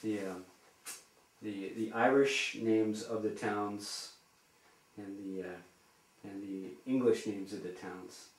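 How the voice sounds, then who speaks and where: A man interviewing, who asks his questions haltingly and repeats himself. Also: on the low side, fairly even intonation. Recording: roomy room sound.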